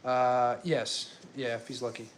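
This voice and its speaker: A man's voice: medium pitch, level tone, unhurried, slight background noise. A young man talking casually to camera at home, rambling and chatty, with many fillers and restarts. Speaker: working dad vlogger. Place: his home.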